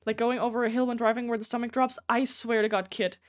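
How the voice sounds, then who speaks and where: A young woman with a fairly high voice chats on her live stream. She rambles through stories, restarts her sentences and swears freely, stopping to greet viewers by name. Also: level tone, quick pace. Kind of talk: casual live-stream chat.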